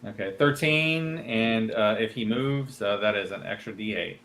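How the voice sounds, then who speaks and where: Lower-voiced matter-of-fact player. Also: male voice, a little slow, fairly bright tone, slight background noise. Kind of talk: tabletop game chat.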